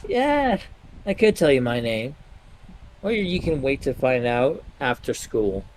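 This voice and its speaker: A cheeky tabby cat, put on by a man in a tabletop game, high and teasing as it brushes off a question. A faint hiss of noise sits behind the voice. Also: big pitch swings, measured pace, darkish tone, low-quality recording. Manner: teasing, playful.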